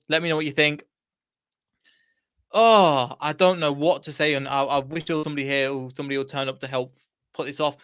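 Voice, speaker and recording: A man hosts a fan reaction stream from home in a voice pitched a bit high. He rambles and vents his frustration. The sound is dry and close, with no room echo. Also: a bit bright, clean tone. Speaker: fan channel host. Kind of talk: post-match fan reaction livestream.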